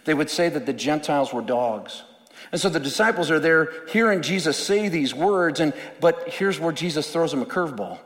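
A man's voice: fairly high pitch, expressive, moderate pace, long reverb tail. A male pastor preaching a sermon in an earnest, emphatic way, often repeating words.

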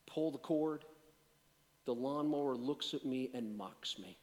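A male pastor of medium pitch preaches at a measured pace, his sermon trailing off into a long reverb. He alternates between forceful, emphatic declarations and softer, self-mocking storytelling.

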